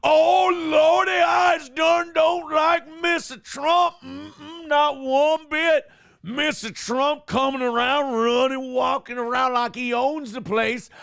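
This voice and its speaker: A man putting on an exaggerated mocking impression voice, loud and drawling. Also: fairly even intonation, slow pace, gravelly, no echo, studio quality, full character voice. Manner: loud, drawling, high put-on voice.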